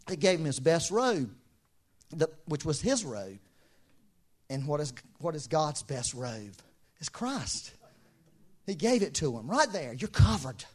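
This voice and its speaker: Lively, high-pitched preacher man. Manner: storytelling, acting out quoted voices, laughs often. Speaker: pastor. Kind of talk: sermon.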